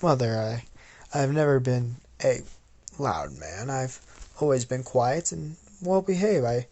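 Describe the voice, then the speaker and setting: A man voicing a proud young inventor, curt and bitter, his low-key voice gravelly at the edges and drawn out slowly. He sounds coldly defiant toward his father, as the storyteller puts him on. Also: animated, mellow. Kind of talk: improvised fan story narration.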